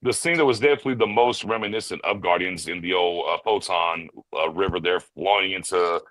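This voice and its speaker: Podcast co-host, man with a low voice, lively storyteller who slips into quick impressions, dry sound. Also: no room sound, low-quality recording. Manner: animated storyteller, mimics characters in quick bursts. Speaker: podcast co-host reviewing a film. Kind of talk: casual chat.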